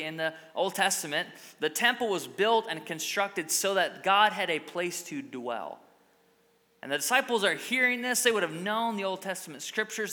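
A man's voice: high voice, bright, forceful tone, long reverb tail. A male pastor giving a sermon in a church, conversational and emphatic. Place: church sanctuary.

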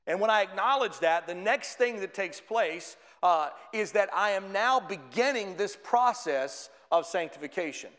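A male pastor delivers a sermon with an emphatic preaching style, his voice sitting a little higher than most men's. He builds his points with rising force. The sound carries the long reverb of a church sanctuary. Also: animated, normal speed, hardly any pauses, a bit bright.

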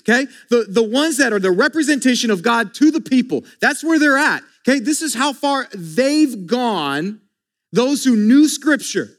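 A man with a notably high-pitched voice delivers a sermon as pastor. He speaks conversationally, addressing his listeners directly, leaning on emphatic repetition and rhetorical questions.

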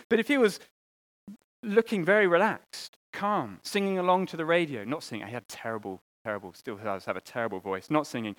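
A man delivers a sermon with a voice pitched a little high. He talks earnestly, restarting phrases and repeating words, and moves between raised, emphatic appeals and soft, hushed asides. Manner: earnest, with pauses and repeated words, rising and falling between loud and quiet. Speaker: preacher.

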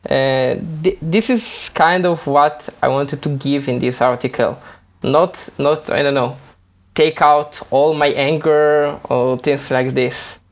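A man's voice: on the high side, slow pace. A man answering as a guest in an interview, hesitant and repeating words as he searches for phrasing. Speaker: guest, developer. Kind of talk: casual interview.

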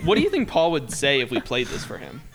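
Lively, joking young man co-hosting. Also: mid-range voice, fast talker. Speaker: podcast co-host. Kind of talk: casual music chat.

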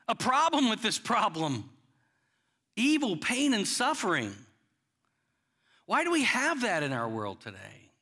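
A male pastor preaching a sermon in a conversational way, with dramatic pauses and acted-out quotes. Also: high voice, bright, forceful tone.

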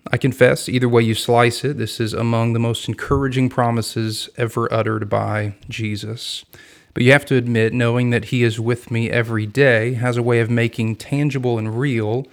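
Earnest man teaching the Bible, flat voice. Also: mid-range voice. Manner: measured, earnest reading with quoted scripture. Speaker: podcast host and Bible teacher. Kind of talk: scripted devotional Bible teaching.

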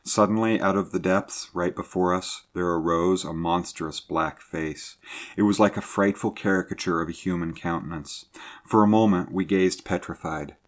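A man reading a sea adventure story aloud in a measured, low-key narrating manner. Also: steady tone.

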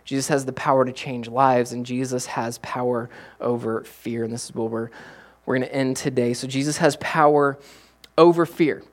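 A middle-aged man preaching as a pastor. His delivery swings from hushed to loud and excited. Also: medium pitch, normal speed. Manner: animated preaching with big swings from quiet to loud. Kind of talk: sermon.

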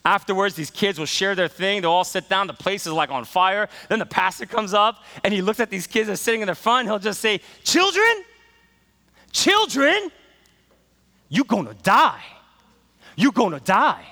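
A man's voice: high voice, steady tone, a little fast, hardly any pauses, bright, forceful tone. A man preaching a sermon, telling a story in a conversational way, with many fillers and questions to the congregation. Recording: reverberant hall sound.

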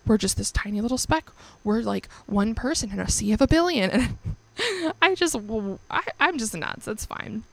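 A woman's voice: medium pitch, creaky, fairly bright tone. A young woman hosting her own podcast, chatting casually and candidly, swearing freely and laughing often. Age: young adult. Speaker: podcast host. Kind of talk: casual solo podcast chat.

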